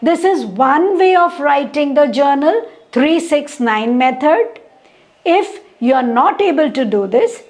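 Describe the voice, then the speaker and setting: Brief: woman, high voice, meditation teacher, unhurried delivery. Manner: slow, calm counting and chanting. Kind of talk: guided spiritual instruction.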